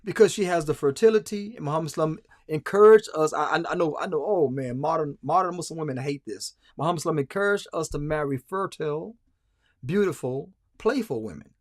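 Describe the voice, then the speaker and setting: A man's voice: fairly high pitch, brisk, no echo, studio quality. A man hosting a livestream, talking emphatically with frequent stammered restarts and repetition. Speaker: livestream host. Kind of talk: casual livestream commentary.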